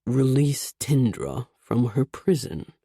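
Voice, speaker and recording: A woman voicing a ruthless male villain king in an audiobook, low, slow and commanding. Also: sing-song, warm tone, husky, no room sound, clean studio sound, exaggerated voice. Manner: cold, commanding. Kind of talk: audiobook character voice.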